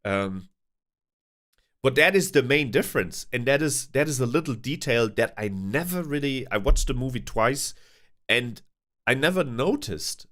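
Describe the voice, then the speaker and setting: A man hosts a loose, casual stream chat, talking at an ordinary middle pitch. He rambles, restarts his sentences and chuckles as he goes. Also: animated, unhurried, fairly bright tone. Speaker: streamer host.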